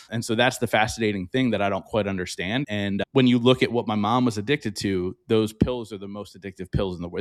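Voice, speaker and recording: A man with a fairly low-pitched voice talks as a guest in a podcast interview. He is candid and reflective, and he answers in an earnest, open way. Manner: reflective, earnest, openly emotional.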